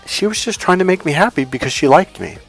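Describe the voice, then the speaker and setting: A middle-aged man, a dating coach, telling a personal story in a vlog with animated, acted-out delivery. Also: a little high, fast talker, faint music behind. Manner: animated storyteller, acts out quotes.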